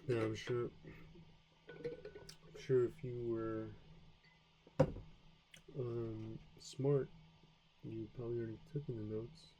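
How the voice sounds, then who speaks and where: A man's voice: medium pitch, little pitch movement, takes it slowly, pauses often, dark tone, a little hiss or hum, rough recording. A man learning a language on camera, reading from a textbook and joking about his own stumbling attempts. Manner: self-deprecating, stumbling through attempts, laughs at himself. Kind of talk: reading a textbook aloud and chatting. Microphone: camera mic.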